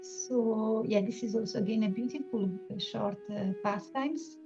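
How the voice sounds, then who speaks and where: A woman telling a devotional story in a halting way, with many pauses and restarts. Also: fairly high pitch. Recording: dull lo-fi sound, soft music behind.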